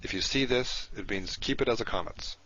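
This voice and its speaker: Deep-voiced guy teaching a lesson, patient and explain-y, kinda dull lo-fi sound. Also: brisk, a bit bright, no echo. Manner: patient, explanatory, repeats key terms. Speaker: Hebrew teacher. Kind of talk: recorded lecture. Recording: dull lo-fi recording.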